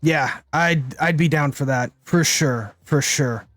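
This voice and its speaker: Chatty high-voiced male streamer. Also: unhurried, a bit bright, no room sound. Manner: thinks aloud, tags lines with "right?". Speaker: game streamer. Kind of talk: casual live-stream commentary.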